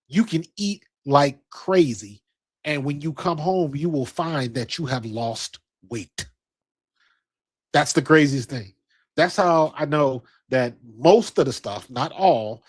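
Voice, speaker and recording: A man's voice: medium pitch, darkish tone. A middle-aged man from the United States spins a casual travel story in a loose, slangy ramble. He circles back on himself constantly, restarting sentences and tossing in asides as he goes. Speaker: sports stream host.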